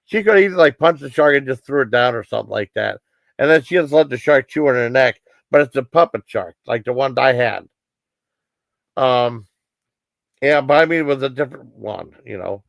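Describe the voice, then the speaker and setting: A man's voice: mid-range voice, lively intonation, a little fast, vocal fry, no room sound. A man casually recapping a shark movie on his livestream, rambling with lots of fillers and quoting the characters. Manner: rambling, full of fillers and quoted lines. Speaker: streamer reviewing a movie.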